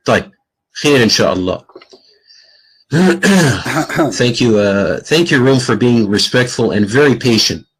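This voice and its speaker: A man moderating a live online debate, taunting and lecturing his opponent with lively swings in his voice. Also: mid-range voice, slow, long pauses, breathy edge, poor audio.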